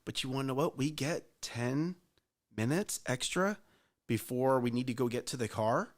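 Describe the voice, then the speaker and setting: A man's voice: medium pitch, animated, moderate pace. A middle-aged man hosting a casual chat show, earnest and emphatic, challenging listeners directly. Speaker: host.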